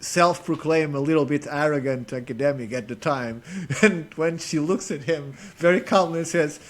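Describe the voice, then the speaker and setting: Male co-host, higher pitch, story-telling, giggly. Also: normal speed. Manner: non-native grammar, laughs while telling stories. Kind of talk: casual conversation.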